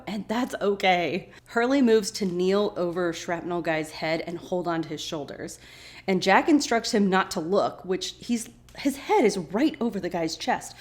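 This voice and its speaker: Chatty woman recapping a TV episode. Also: mid-range voice. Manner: chatty and animated, acts out character lines. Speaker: podcast host.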